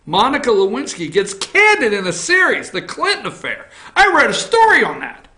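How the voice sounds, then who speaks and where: Bright-voiced teasing male talk host. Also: extremely high pitch, wildly swooping pitch, normal speed, slight background noise. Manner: wry, teasing, jumps between news items. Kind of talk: casual opinion talk show. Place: office.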